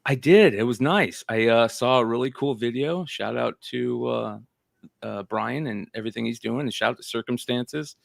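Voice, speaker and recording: Laid-back man with a gravelly voice. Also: medium pitch, moderate pace, no echo, studio quality. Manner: laid-back, easygoing, says "man" often. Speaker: guest. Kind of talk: casual interview chat.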